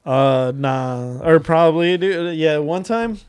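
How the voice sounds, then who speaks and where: A laid-back man co-hosts a podcast, dropping slang as he chimes in. His voice is fairly high and notably smooth and clear. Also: takes it slowly, darkish tone. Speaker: podcast co-host. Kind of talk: casual chat.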